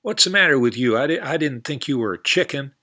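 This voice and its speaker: A man voicing a gullible, hearty male cowboy in a folksy storybook manner, calling everyone partner. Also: quick pace. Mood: excited. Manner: loud, excitable, rising high.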